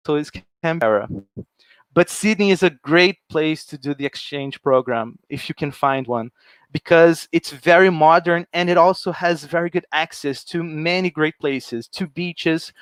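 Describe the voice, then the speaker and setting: Man presenting, smooth and crisp. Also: a little high, a bit bright, no echo. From Brazil. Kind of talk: informal presentation.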